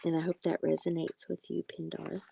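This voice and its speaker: A woman reading oracle cards on a live stream, talking softly and affectionately to viewers and often apologizing. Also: deep voice, monotone, moderate pace, gravelly, breathy edge. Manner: soft-spoken, affectionate, calls viewers sweetie and honey; apologetic and reassuring. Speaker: livestream tarot and oracle card reader.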